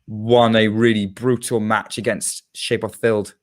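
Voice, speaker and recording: A man's voice: lowish voice, little pitch movement, measured pace. A man co-hosting a tennis podcast, talking casually and hesitantly with many filler sounds. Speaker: podcast co-host.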